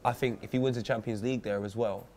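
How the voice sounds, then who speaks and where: A man argues football at a rapid clip in a slightly low voice. He is opinionated and slangy, talking over a faint hum of room noise in an office. He sounds like a co-host in a relaxed debate.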